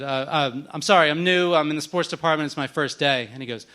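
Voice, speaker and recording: A man's voice: on the high side, fast talker, sharp tone. A man in his thirties telling a wry, self-deprecating story on stage at a live event, acting out the other people in it.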